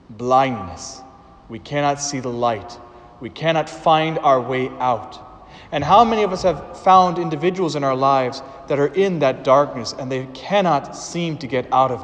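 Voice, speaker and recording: A man preaching a sermon as a priest, slow and deliberate with dramatic pauses, in a church. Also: on the high side. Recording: church with long reverb.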